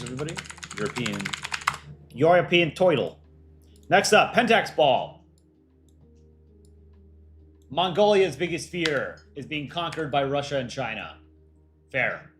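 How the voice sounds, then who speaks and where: Guy hosting a stream, reading entries and cracking small jokes, quiet music and typing behind. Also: medium pitch. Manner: chatty, reads out entries and reacts with light jokes. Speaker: livestream host judging fan art. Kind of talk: casual livestream commentary.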